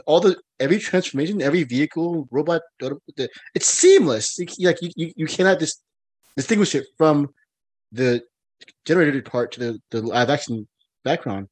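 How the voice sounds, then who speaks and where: Excitable rambling man with a dry sound. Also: on the high side, normal speed, breathy edge, no room sound. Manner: excitable, rambling with many fillers and restarts, laughs often. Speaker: podcast co-host. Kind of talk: casual movie chat.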